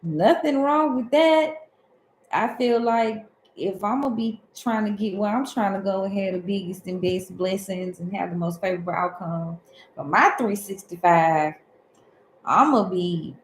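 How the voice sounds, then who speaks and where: A woman from Alabama talks with a Southern accent, wandering from point to point in a relaxed spiritual chat. Her voice sits at an ordinary middle pitch. The room has a clear echo, with faint noise behind her. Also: moderate pace. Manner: rambling, conversational, digressive. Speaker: tarot and spiritual host. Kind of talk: casual spiritual talk.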